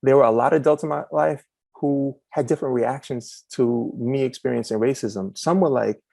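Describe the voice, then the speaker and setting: Man, animated storyteller, video call, dry sound, mid pitch. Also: normal speed, gravelly, dry recording. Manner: animated storyteller, acts out quotes. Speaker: author guest. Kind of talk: casual interview chat.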